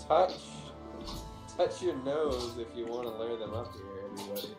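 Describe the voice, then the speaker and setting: A man's voice: mid-range voice, moderate pace. Man planning aloud in an echoey room. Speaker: player. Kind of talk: casual tabletop play chat. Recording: echoey room with faint music.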